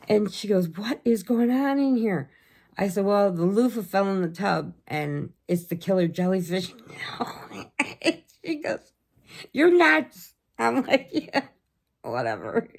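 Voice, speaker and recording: Deep and darkish in tone, this American woman's voice carries a chatty vlog where she, a middle-aged storyteller, laughs frequently and performs other people's quotes.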